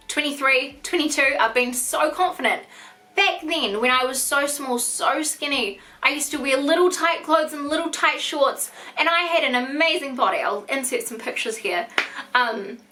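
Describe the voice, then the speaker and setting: A woman's voice: high-pitched, sharp tone. A 25-year-old woman with a New Zealand accent tells a personal story to camera, frank and chatty, with lots of "like" fillers. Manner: frank and chatty, heavy use of "like". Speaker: vlogger. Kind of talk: candid storytime monologue.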